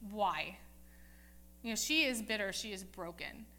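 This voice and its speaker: A woman's voice: mid-range voice, expressive, brisk, bright, forceful tone. A woman preaching in a casual, chatty way, retelling a Bible story and acting out the characters' lines. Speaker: Bible teacher.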